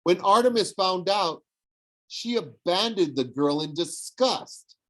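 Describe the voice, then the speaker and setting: A man's voice: high voice, expressive, slow, fairly bright tone, voice pushed up, heavily acted, rough recording. A man voicing a smug, sneering young villain who mocks and tempts. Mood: mocking. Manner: sneering, mocking. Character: smug young male villain, mocking and persuasive.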